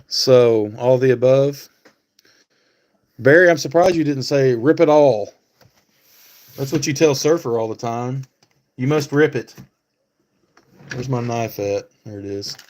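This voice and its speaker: A man's voice: medium pitch, darkish tone. Rambling man chatting on a live stream. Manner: rambling, thinks aloud with many fillers; talks back to chat viewers by name. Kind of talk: casual live stream chat.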